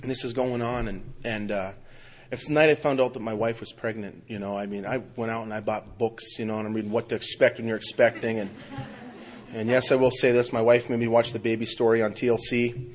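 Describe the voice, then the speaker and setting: A man's voice: medium pitch, steady tone, fairly quick. Middle-aged man giving a rambling, heartfelt recovery testimony in an ordinary mid-range voice. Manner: rambling, heartfelt storytelling with many fillers. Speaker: speaker sharing his recovery story. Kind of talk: personal testimony talk.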